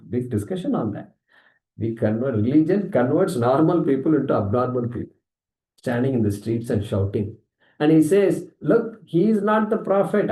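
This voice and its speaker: Indian-accented male scripture teacher, conversational and animated, mellow voice, reverberant hall sound. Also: mid-range voice. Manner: animated, conversational, acts out objections. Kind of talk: scripture class lecture.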